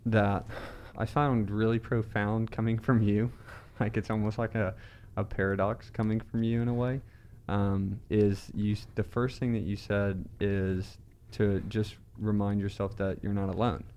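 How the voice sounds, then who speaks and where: A man's voice: fairly low pitch, flat delivery, unhurried, a little mellow, slight background noise. A man hosting a faith conversation, reflective and affirming, often murmuring agreement. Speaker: host.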